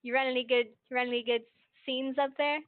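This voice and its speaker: A woman's voice: high-pitched, level tone, quick pace, no room sound, close to an everyday voice. A woman voicing a nosy, teasing woman of the family who keeps pressing with questions, heard over a tinny call line. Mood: prying. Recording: tinny phone-like call audio.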